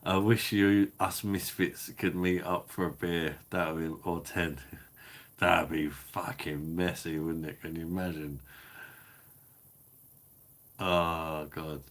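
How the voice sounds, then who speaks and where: A deep-voiced man with a Cockney-Kentish accent, chatting to his live audience at an easy, slow pace. He swears freely and chuckles along as he talks. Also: fairly even intonation, a bit bright. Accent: Cockney-Kentish English. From London. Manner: laid-back, sweary, chuckling banter. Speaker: livestream host reading chat. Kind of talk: casual live chat.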